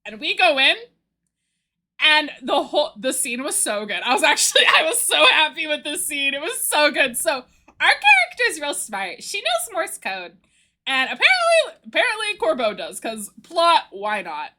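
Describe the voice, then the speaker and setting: Bubbly, excitable young woman streamer. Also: high-pitched, moderate pace. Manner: excitable, gushing, laughs and squeals often. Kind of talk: casual chat recapping a story.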